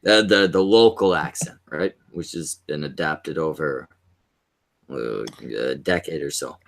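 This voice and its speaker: A man's voice: very deep voice, a little slow, gravelly, fairly bright tone. A man with a Canadian accent, chatting crudely in casual stream banter, often stumbling and restarting. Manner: crude, hesitant, many restarts.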